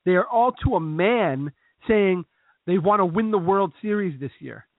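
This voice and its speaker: A man co-hosting a casual sports podcast, talking his opinions through in a measured way with frequent restarts. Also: high voice, animated, dry recording. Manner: measured, reasoning, repeats starts. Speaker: podcast co-host. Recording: dry tinny phone-like sound.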